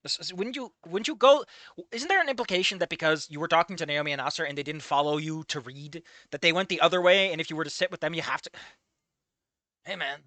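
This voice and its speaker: Casting note: profane, exasperated fan fiction critic with a bright, lively voice. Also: mid-range voice, fast talker, dry recording. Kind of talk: reading fan fiction aloud with comedic commentary.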